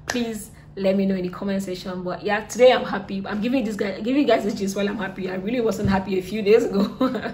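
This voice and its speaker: A woman's voice: mid-range voice, steady tone, fast, hardly any pauses, a little hiss or hum. Young Nigerian woman telling a storytime. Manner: chatty, repeats herself, drifts soft and subdued. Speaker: vlogger. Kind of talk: storytime vlog.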